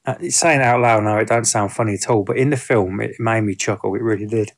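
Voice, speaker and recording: A man's voice: on the low side, steady tone, quick pace. Rambling man reviewing a film. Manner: rambling, many fillers and restarts. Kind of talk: casual spoken film review.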